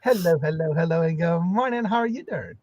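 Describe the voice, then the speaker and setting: A man's voice: a little high, lively intonation, brisk, a little mellow, dry recording, muffled recording. A man from Massachusetts hosting a live morning stream, greeting each viewer by name with a repeated hello and welcome. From Massachusetts, USA. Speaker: host.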